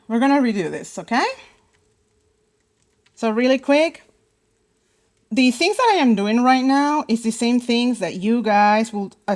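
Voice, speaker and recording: A young woman leads a casual drawing lesson, talking through each step as she sketches. She thinks out loud, backs up, restarts her sentences and fills the pauses with little words. Her pitch sits in an ordinary middle range for a woman. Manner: chatty, thinks aloud with many fillers and restarts. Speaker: art teacher.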